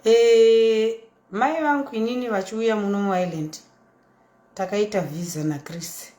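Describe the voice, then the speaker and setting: A woman in her thirties with a Zimbabwean accent, telling her story in a chatty, animated way that mixes English and Shona. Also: medium pitch, a little slow, roomy sound. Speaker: socialite vlogger. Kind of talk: casual storytelling monologue.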